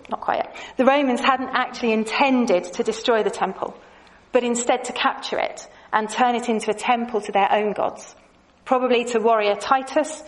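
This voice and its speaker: Measured woman teaching a lesson. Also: medium pitch, rough recording. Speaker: Bible teacher. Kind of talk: scripted lesson with slides.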